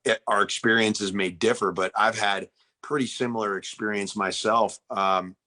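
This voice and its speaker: A man's voice: lowish voice, steady tone, normal speed, bright, forceful tone. A man talking about making a film in a casual interview, earnest and reflective, often restarting his sentences. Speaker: actor in the film.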